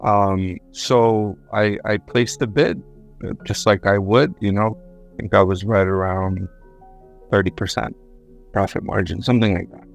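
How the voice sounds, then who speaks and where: Man, low voice, casual storyteller who trips over his words, faint music underneath. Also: fairly even intonation, measured pace, vocal fry. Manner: rambling, self-correcting, repeats words. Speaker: guest, government contractor. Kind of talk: conversational storytelling.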